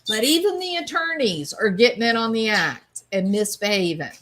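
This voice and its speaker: A woman's voice: medium pitch, lively intonation, normal speed, a bit bright. A woman hosting a casual video commentary, chatty and amused as she explains a clip. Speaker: commentary show host.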